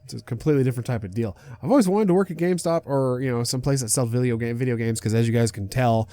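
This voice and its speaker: A man's voice: medium pitch, rapid-fire, dark tone. A young man casually reacting to a story on his channel, chatty and swearing freely as a self-declared gaming nerd.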